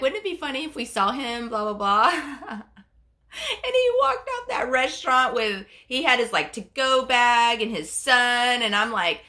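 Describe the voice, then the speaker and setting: Casting: woman host, stuffy from a cold, bright, slightly high voice, rambling chat. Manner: chatty, rambling storyteller with lots of fillers. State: head cold. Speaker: livestream host. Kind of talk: casual live chat reading comments.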